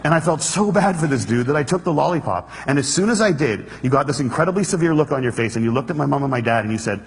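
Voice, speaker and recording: A man's voice: on the high side, lively intonation, a little hiss or hum. A man giving an earnest, storytelling stage talk to an audience. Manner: storytelling, earnest, quick, plays the room for laughs. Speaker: speaker. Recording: hall reverb.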